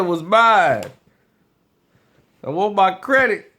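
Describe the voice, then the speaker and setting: A man vlogging, telling casual stories in an animated, loose way with frequent laughs. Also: sits high, very slow. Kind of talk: casual storytelling.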